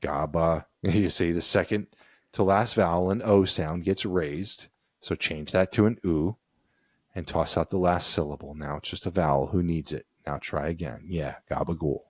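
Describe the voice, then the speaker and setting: Deep-voiced man explaining on a podcast. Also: normal speed, no room sound, studio quality. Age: adult with children. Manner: reads out and explains an article, laughs easily. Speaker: podcast co-host. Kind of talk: casual explainer chat.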